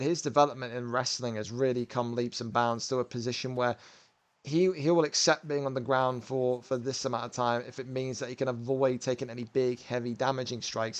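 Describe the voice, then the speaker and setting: A man's voice: mid-range voice, steady tone, fairly quick. A man hosting and commentating a video game fighting event, chatty and bantering as he rambles through the action. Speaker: commentator and host.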